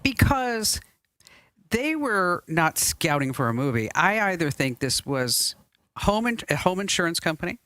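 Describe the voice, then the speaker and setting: A woman hosting a podcast, talking in a chatty, animated way, her voice rising and falling widely as she laughs and tells stories. She sounds close and dry at a studio mic, with no room sound around her. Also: on the low side, a little slow, dry recording. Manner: chatty, laughs often, lively storytelling. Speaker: podcast host. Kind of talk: casual studio banter.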